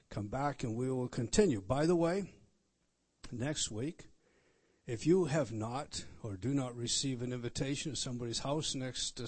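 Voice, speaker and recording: A man, a pastor preaching a sermon as he walks through a text, repeating words and stressing key points. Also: mid-range voice. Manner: repetitive, emphatic teaching, pointing out words on a text. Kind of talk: expository sermon.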